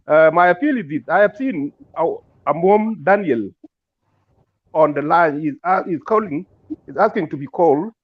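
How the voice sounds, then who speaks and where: A man's voice: a little high, expressive, normal speed, lo-fi sound. A man calling in with formal remarks, hesitant and full of fillers. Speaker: caller.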